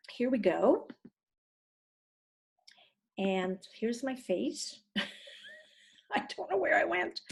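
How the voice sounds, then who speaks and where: A woman's voice: on the high side, a little mellow. A woman teaching a writing class over a video call, chatty and encouraging, rambling a little as she talks. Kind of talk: casual online writing class.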